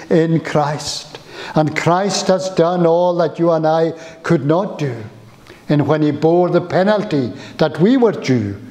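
A man preaching a sermon in a church, slow and emphatic, with rising exclamations. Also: mid-range voice, a little mellow.

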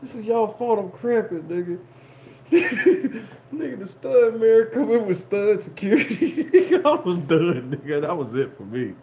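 Animated livestream host. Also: mid-range voice, measured pace, a little hiss or hum. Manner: laughing, profane, indignant retelling. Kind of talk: animated casual storytelling.

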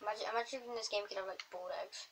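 A woman chatting through her game and talking to the animals in it, with sudden excited outbursts. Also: mid-range voice, very fast, noisy background. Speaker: gamer. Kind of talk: casual gameplay commentary.

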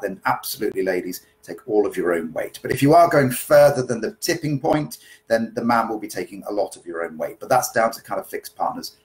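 A man's voice: lowish voice, low-quality recording. A man teaching partner dancing in a podcast, talking casually and asking "okay?" often as he explains. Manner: chatty, repeats "okay?" to check in. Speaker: dance teacher. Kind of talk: live-streamed dance lesson podcast.

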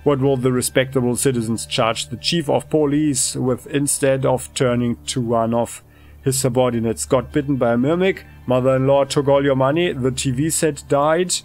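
Game cop, middle-aged male, grumpy and sarcastic, gravelly edge, read by a man. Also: medium pitch, fairly even intonation, normal speed, darkish tone, soft background music, natural voice. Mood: irritated. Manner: irritable, sarcastic. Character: short-tempered middle-aged male police chief.

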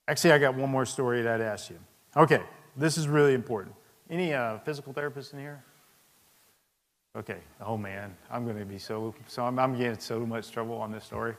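Storytelling senior army sergeant in a hall. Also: male voice, medium pitch. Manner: storytelling, anecdotal, chuckling asides. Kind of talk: speech to an audience. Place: large hall with audience. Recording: long reverb of a hall.

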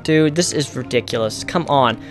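A young man giving let's-play commentary on a console game. He sounds exasperated and breaks into loud, frustrated outbursts. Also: medium pitch, moderate pace, soft background music. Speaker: gamer.

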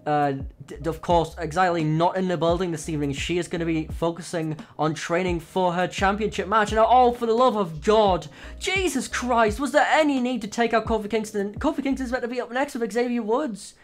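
A man, hoarse, calling wrestling matches from a video game in excited play-by-play, full of oaths and sudden exclamations. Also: brisk, faint music behind. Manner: exclamatory, frequent oaths and gasps, swings loud and high. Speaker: play-by-play commentator for his own wrestling game.

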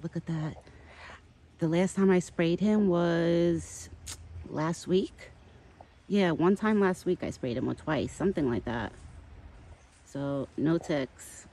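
A woman films her pet deer outdoors in the backyard, chatting casually and affectionately with plenty of "like"s in this vlog. Her voice is lowish and warm, and she takes it slowly with frequent pauses.

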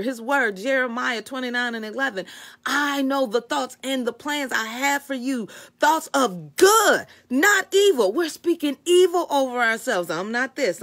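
A woman's voice: on the high side, fairly bright tone. A middle-aged woman giving a fervent, preacherly faith talk on a live stream, acting out God's replies. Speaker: Christian speaker.

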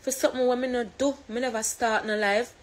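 A woman with a Jamaican accent telling an animated storytime rant, heavy on swearing and patois. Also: fairly high pitch, a little fast.

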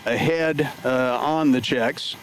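A man's voice: medium pitch, slow pace, slight background noise, low-quality recording. A man livestreaming from his home flight sim setup, talking casually through each step with lots of filler words. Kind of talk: casual live play-by-play narration.

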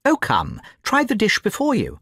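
A man reading Sherlock Holmes, brisk and sure. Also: sits high, wildly swooping pitch, creaky, fairly bright tone, husky, no echo, clean studio sound, pitched above the performer's own voice, exaggerated voice. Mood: teasing. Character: brisk, confident, teasing male detective.

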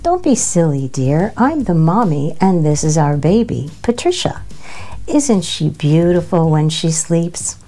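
A woman's voice: sits low, sing-song, measured pace, warm tone, exaggerated voice. A woman voicing a little girl who pretends to be a grown-up mother, talking in a prim, proud make-believe way.

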